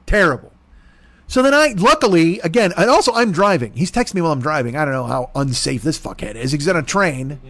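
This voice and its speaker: A man with a high, very lively voice rants through a comic story, cursing freely and playing out both sides of each exchange. His exasperation carries every line, and the studio sound is close and dry. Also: fairly quick, dry recording. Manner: profane, exasperated, acts out both sides of conversations. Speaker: podcast host. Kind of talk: comedic ranting story.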